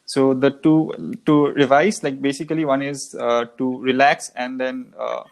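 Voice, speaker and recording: A man's voice: mid-range voice, flat delivery, moderate pace, vocal fry. A man taking an online conversation lesson, summing up hesitantly with fillers over a video call. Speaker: student. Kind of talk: conversation practice.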